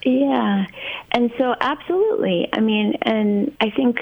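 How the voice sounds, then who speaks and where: A woman speaking as a child therapist guest in a casual podcast conversation, thoughtful and unhurried, with many ums and you-knows. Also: fairly high pitch, creaky, narrow, tinny audio, crowd noise.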